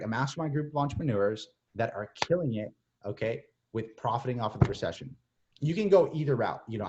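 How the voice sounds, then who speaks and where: Energetic young man coaching casually. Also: mid-range voice, slight background noise. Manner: energetic, repeats "like" and "bro", acts out texts and calls. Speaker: mentor. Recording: slightly dull lo-fi audio.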